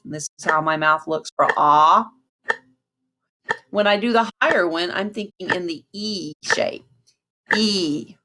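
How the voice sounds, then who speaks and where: A woman teaches a beginner brass lesson in a patient, steady way. She counts beats aloud and calls out each breath and mouth shape. Her voice sits a little low for a woman. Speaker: band teacher.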